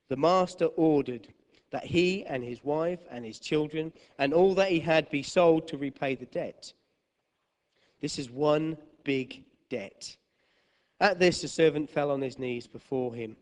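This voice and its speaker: A man preaching a sermon in church, swinging from loud, high bursts to quiet, low asides. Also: big-room sound. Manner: animated storytelling with sudden loud high bursts and quiet drops. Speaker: pastor.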